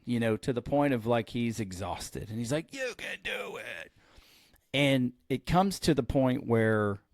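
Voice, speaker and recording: On a cleanly recorded studio track with no room sound, a medium-pitched man who is a pastor and podcast host tells a story in casual chat. He's animated and acts out the quoted lines of each person in it.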